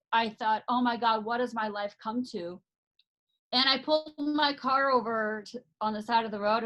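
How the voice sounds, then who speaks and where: A woman's voice: fairly high pitch, pushed and bright. A woman, an author and life coach, telling a personal story as a podcast guest, earnest and emphatic, often restarting her sentences.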